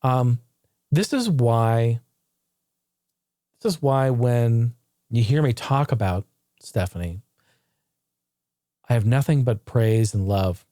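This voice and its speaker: A man speaks bluntly and profanely as he looks back on hard years, circling back and restarting his sentences. His voice is mellow and relaxed, and the recording is close and dry with no room sound. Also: mid-range voice, slow, long pauses, dry recording. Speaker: channel host. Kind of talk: candid personal retrospective monologue. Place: home.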